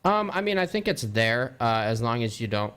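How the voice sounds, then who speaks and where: A man's voice: medium pitch, sing-song, moderate pace, fairly bright tone, a little hiss or hum. A man streamer answering questions in a casual voice chat, hesitant and full of fillers, on a headset mic. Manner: hesitant, thinks aloud with many fillers.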